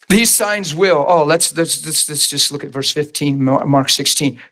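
A man preaching a sermon, an animated storyteller who laughs often and swings his voice up high in acted-out quotes.

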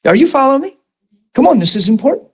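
Animated preaching man. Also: fast. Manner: animated, rising to high emphatic questions to the crowd; storytelling, drops to soft low retelling. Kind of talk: sermon.

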